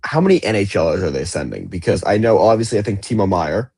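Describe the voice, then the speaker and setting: A man's voice: low-pitched, lively intonation, quick pace, a little mellow, husky, no room sound, studio quality. A young man co-hosting a casual sports podcast, talking in a chatty way and often restarting his sentences. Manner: chatty, with frequent restarts and fillers. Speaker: podcast co-host. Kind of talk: casual chat.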